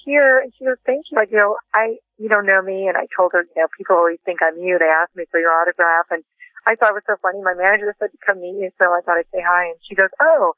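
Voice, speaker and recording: A woman interview guest telling lively anecdotes and acting out what others said, heard down a tinny phone line. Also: fairly low pitch, fast talker, no echo. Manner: lively anecdotes with acted-out quotes. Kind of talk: casual interview storytelling.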